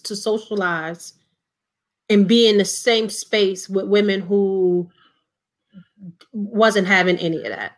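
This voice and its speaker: A woman's voice: mid-range voice, expressive, slow, pauses often. A woman co-hosting a casual online discussion, speaking earnestly in a conversational way. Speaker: co-host.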